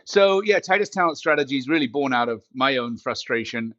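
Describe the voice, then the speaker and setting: A man chatting as a podcast guest, joking and animated as he tells stories. His voice comes through a small headset mic built into his glasses, sounding dull and muffled. The audio is dry, with no room sound. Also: medium pitch, brisk, no echo. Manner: joking, animated storytelling with asides. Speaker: podcast guest, company CEO. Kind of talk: casual podcast chat.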